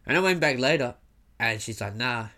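A young comedian telling a backstage story in a rambling, casual way, swearing often and filling pauses with "uh". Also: male voice, medium pitch, lively intonation, sharp tone.

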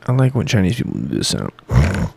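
Man, podcast host, gravelly low voice, swings up and down, profane, rambling. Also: wildly swooping pitch, brisk, darkish tone. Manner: swears constantly, rambling and sarcastic. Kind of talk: casual profane monologue.

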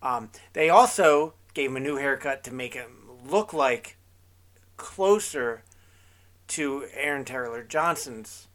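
A man's voice: mid-range voice, animated, slow, fairly bright tone. A man co-hosting a podcast, chatting casually in an easygoing, agreeable way with frequent ums. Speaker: podcast co-host. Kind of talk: casual recap chat.

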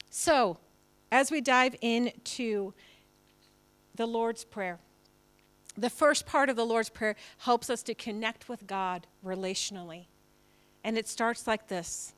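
A woman's voice: fairly high pitch, a little slow, a bit bright, clean tone. A woman pastor preaching a sermon in church, conversational and emphatic, often acting out quotes.

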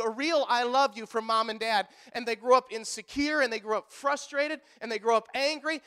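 A man pastor preaching a sermon in a church, animated and joking with the congregation, acting out quotes in other voices. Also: extremely high pitch, clear, resonant tone.

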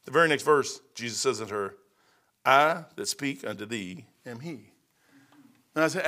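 A man's voice: mid-range voice, animated, bright, forceful tone. An older man preaching a sermon in a folksy, rambling way, acting out the people in his stories. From Kentucky. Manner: folksy, rambling, acts out Bible figures in quick voices.

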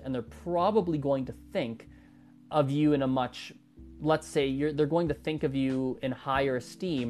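A man's voice: mid-range voice, darkish tone. A man hosting an improvised solo podcast, thinking aloud and often correcting himself mid-sentence. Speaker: podcast host.

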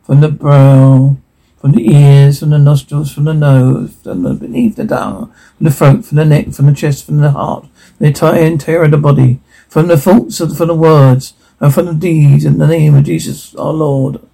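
A man reading audio description, voicing sound cues and dialogue in a flat, even way. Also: on the high side, moderate pace, creaky, rough recording.

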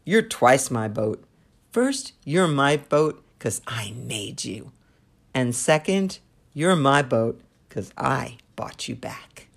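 A woman's voice: rumbling low, sing-song, slow, gravelly, breathy edge, full character voice. A woman voicing an earnest little boy. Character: earnest little boy who built a boat.

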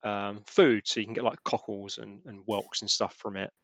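A man running a tabletop game as game master, narrating in a halting way with lots of restarts. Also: fairly low pitch, little pitch movement, a bit bright, no echo. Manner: halting, many fillers and restarts.

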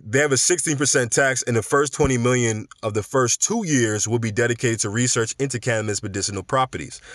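A man's voice: medium pitch, dry recording. A man hosting a podcast, talking in a casual, slangy and emphatic way, with frequent restarts. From New York. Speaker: podcast host.

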